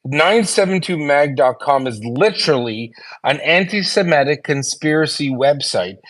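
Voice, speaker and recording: A man's voice: on the high side, animated, normal speed, fairly bright tone. A man in a heated live audio debate, ranting angrily and hurling insults at his opponent. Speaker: debate participant.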